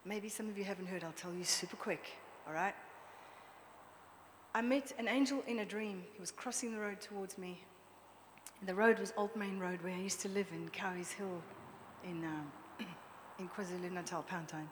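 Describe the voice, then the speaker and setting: A woman preacher delivers her sermon in a church hall, her voice trailing off into a long reverb. She talks in a lively, conversational way, often turning to the congregation with questions. A faint hiss sits under the recording. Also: medium pitch, moderate pace. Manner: lively, chatty, draws the audience in with questions.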